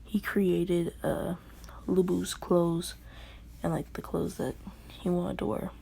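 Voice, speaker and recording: A woman casually telling a fan story, rambling and halting, often dropping to a half-whisper. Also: lowish voice, level tone, vocal fry, dark tone, breathy edge.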